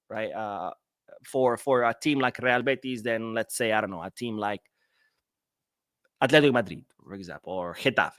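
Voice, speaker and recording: A man's voice: mid-range voice, a bit bright, dry recording, clean studio sound. A man hosting a casual livestream podcast, reading out chat comments and answering them in a rambling way, repeating his words.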